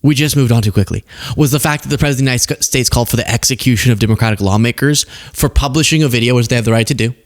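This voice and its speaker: Sarcastic male political commentator. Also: medium pitch. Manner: sarcastic, emphatic, quick asides.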